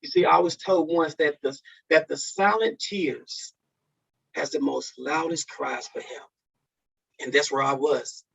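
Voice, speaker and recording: A man's voice: fairly even intonation, measured pace, vocal fry, slightly rough. Man giving an impassioned testimony. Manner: impassioned, swinging between loud peaks and hushed lows. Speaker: speaker at a men's mental health conference. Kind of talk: personal testimony speech. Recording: dull lo-fi recording.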